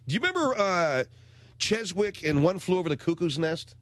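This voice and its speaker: A man's voice: high-pitched, sing-song, normal speed, fairly bright tone, raised voice, slight background noise. A middle-aged man hosting a radio show, telling a rambling, sardonic comic story in a studio. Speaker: radio talk show host. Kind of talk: comedic radio monologue.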